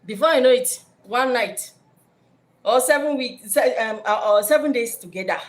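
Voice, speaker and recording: A woman with a Nigerian accent giving spiritual life advice in an animated way, acting out scenes in different voices. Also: a little high, moderate pace.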